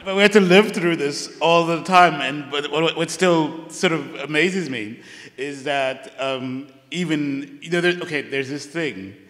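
A man with a bright, forceful voice puts questions to a guest on stage, haltingly, repeating words as he searches for them. His voice carries a long reverb from the public hall. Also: on the high side. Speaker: interviewer. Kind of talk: onstage conversation.

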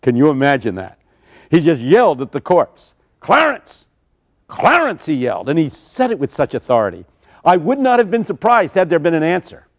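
An older man preaching a sermon, telling stories dramatically with sudden shouts. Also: fairly high pitch, big pitch swings, brisk. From United States.

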